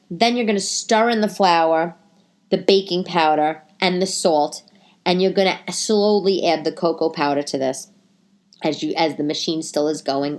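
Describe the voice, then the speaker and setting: A woman, a stand-up comic hosting a casual chat, talking in a chatty, animated way with many fillers. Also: lowish voice. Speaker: podcast host and stand-up comic. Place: living room.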